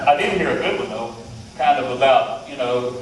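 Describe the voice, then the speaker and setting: A man's voice: medium pitch, brisk, a little hiss or hum. A middle-aged man with a West Virginian Appalachian accent, telling a humorous tall tale in a folksy, playful, self-deprecating way. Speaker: storyteller. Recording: echoey hall, mic from far off.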